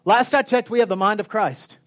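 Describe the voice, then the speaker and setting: A man preaching a sermon, animated, swinging from quiet, intimate lines to loud shouts. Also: sits high, brisk.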